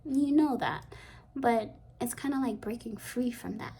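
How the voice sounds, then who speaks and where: A woman giving a rambling, soft-spoken tarot reading that often slips into a half-whisper. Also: fairly high pitch, lively intonation, a little slow, gravelly, slight background noise. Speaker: tarot card reader. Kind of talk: intuitive pick-a-card reading.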